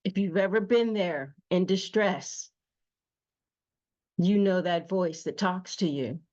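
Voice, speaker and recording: Slow, heartfelt woman telling her story. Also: on the low side, a little mellow, lo-fi sound. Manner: slow, emotional storytelling with emphatic repetition. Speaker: host. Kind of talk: personal testimony monologue.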